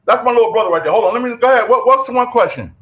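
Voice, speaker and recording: Radio host guy, real high voice, loud and lively, lots of "yo". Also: lo-fi sound. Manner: animated, loud, quick repeated calls of "yo". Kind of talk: casual radio chat.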